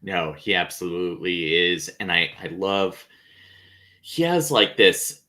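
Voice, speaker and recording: Low, bright-voiced man hosting a chat. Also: a little slow. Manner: relaxed, laughs often, many fillers. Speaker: podcast host. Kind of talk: casual chat.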